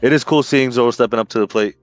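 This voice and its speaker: A man's voice: mid-range voice, fast talker, no echo, soft background music. A man co-hosting a podcast in casual chat, talking over the others and restarting his sentences. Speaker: podcast co-host.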